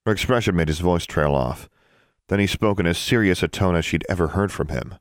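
A man narrating fantasy fiction aloud in an expressive storytelling manner, close to the mic. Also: sits low, brisk, creaky, no room sound. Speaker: audiobook narrator.

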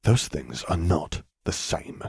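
A man's voice: rumbling low, animated, slow, gravelly, a little mellow, slightly rough, no echo, clean studio sound, full character voice. A man reading as a stern protective father. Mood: pleading. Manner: hissed, tight-lipped pleading. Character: stern protective middle-aged father, fearful for son.

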